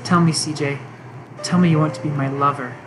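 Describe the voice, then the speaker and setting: A woman voicing an obsessive, intense young woman, reading game dialogue in a slow, intimate, creepy tone. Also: deep voice, steady tone, music in the background, natural voice, rough recording.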